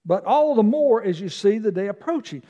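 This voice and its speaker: A man preaches to his congregation, his high voice rising and falling in lively swings. He moves from loud declarations to soft asides, and his words ring out in the long reverb of a large church sanctuary. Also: moderate pace, dull audio. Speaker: guest preacher. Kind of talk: sermon.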